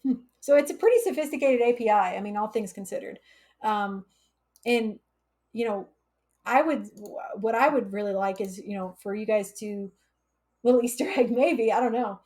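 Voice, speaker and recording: A woman's voice: medium pitch, moderate pace, a little mellow. A woman hosting a casual live coding stream, chatty and laughing often as she reads chat aloud. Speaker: livestream coding instructor.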